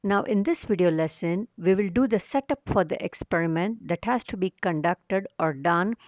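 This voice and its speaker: A woman's voice: on the low side, lively intonation, moderate pace, darkish tone, no echo, studio quality. A woman teacher giving a recorded science lesson to children, explaining step by step and asking rhetorical questions.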